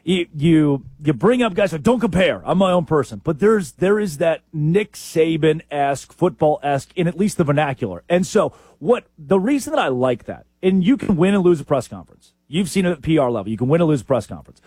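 A man co-hosting a sports talk show, telling animated stories with lots of impressions. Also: a little high, brisk, hardly any pauses, breathy edge, no echo. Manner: animated storyteller, lively impressions. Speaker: sports podcast co-host.

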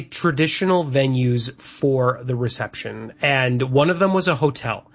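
Male host, casual chat, husky, filler-heavy, muffled audio. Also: mid-range voice. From Canada. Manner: chatty, rambling with fillers. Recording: dull lo-fi sound.

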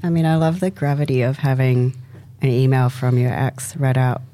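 A woman guest chats on a radio show in a low, warm voice. She sounds wry and thoughtful as she muses. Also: fairly even intonation, normal speed. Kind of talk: casual radio chat.

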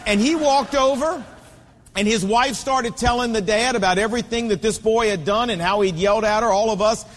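High-voiced preacher in a reverberant hall. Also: male voice, a little fast. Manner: emphatic, repetitive preaching cadence. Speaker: pastor. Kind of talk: sermon.

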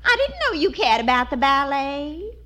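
A high, bright, sharp-edged woman's voice, syrupy and affected, in a vintage radio comedy. She gushes sweetly while she needles. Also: sing-song, normal speed, exaggerated voice. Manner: affected and sugary. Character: gushing, catty woman rival. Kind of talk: 1940s radio sitcom acting.

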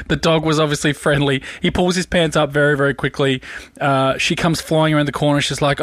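A man's voice: on the high side, flat delivery, fairly quick, fairly bright tone, dry recording. An Australian man hosting breakfast radio, telling a rambling story with fillers in a casual way. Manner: chatty, rambling anecdote with fillers.

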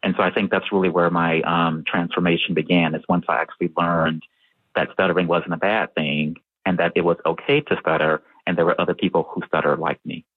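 Interview guest, male, low voice, dry sound, calm and measured, light stutter. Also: no room sound. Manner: measured, with fillers and occasional stutters. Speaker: researcher and guest who stutters. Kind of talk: interview answers. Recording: tinny phone-like line.

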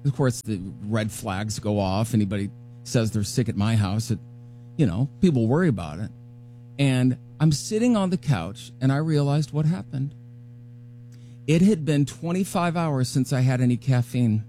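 A man hosting a morning radio show, telling a personal story in a casual, animated way and acting out his own remarks. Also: medium pitch, normal speed, soft background music.

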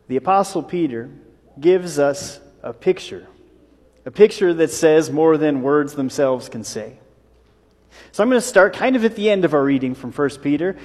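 A man pastor gives a Sunday sermon, speaking in a somewhat high voice. He tells his story in waves, rising in force and then sinking to near-whispers. The sound carries a long reverb from the church hall. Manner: storytelling, builds in waves then drops to a hush.

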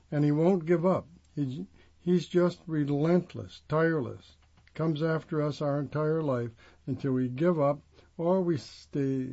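Guy reading a profile out loud, kinda high voice, muffled lo-fi audio. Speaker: reader of a magazine profile. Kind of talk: reading a first-person profile aloud.

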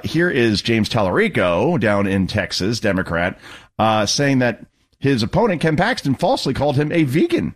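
A man hosting a talk radio show, delivering sarcastic, mocking political commentary. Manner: sarcastic, mocking, lively pitch swings.

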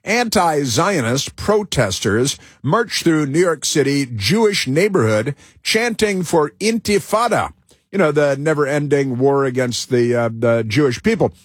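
Emphatic husky-voiced male radio host. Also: fairly high pitch, dry recording, clean studio sound. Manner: emphatic, rambling with many fillers and restarts. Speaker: radio talk show host. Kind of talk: political talk radio monologue.

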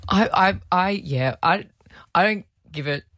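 A woman's voice: on the low side, a little slow, fairly bright tone, no room sound, studio quality. A woman co-hosting a radio show, teasing and laughing in casual banter. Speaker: radio co-host.

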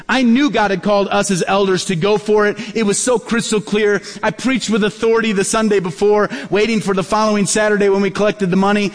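A man with a high, light voice preaches a sermon, telling a story and acting out the quoted lines. His voice rings with the long reverb of a large church hall. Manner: storytelling, acts out quoted dialogue. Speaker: pastor.

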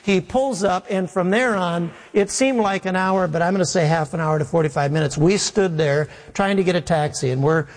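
A man's voice: sits high, moderate pace, few pauses. A man who is a pastor, telling a humorous travel story in a sermon and acting out the dialogue. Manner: humorous, animated anecdote with acted-out dialogue. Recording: long reverb of a large hall.

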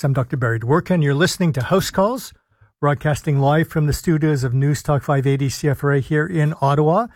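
A man hosts a live talk radio show from a studio, speaking as a doctor who lays out policy point by point. His voice sits a little high for a man, and the close studio mic leaves it dry with no room sound. He slows down to stress key words. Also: no echo. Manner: measured, explanatory, stresses key words with deliberate pauses. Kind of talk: live call-in radio commentary. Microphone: studio microphone.

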